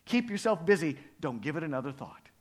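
A man's voice: fairly high pitch, sing-song, fairly quick, husky. A brusque elder mouse, voiced by a man. He waves off a youngster's questions with short, dismissive orders.

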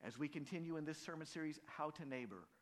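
A male pastor giving a sermon, telling stories in an animated way and rising to emphatic peaks. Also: fairly high pitch, fast.

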